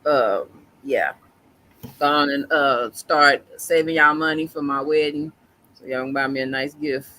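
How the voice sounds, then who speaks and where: Exasperated bright-voiced woman host. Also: sits low, unhurried. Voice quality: exasperated, teasing delivery. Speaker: podcast host. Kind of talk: casual chat.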